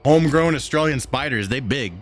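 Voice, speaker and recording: A man's voice: mid-range voice, animated, a little fast. A man hosting a live stream, casually reading and answering his chat with easy chuckles. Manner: laid-back, chuckling, talks to chat.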